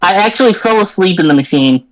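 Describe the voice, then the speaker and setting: A man telling a personal story in a quick, matter-of-fact way during a casual chat. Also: high-pitched, expressive, poor audio. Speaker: tabletop game player.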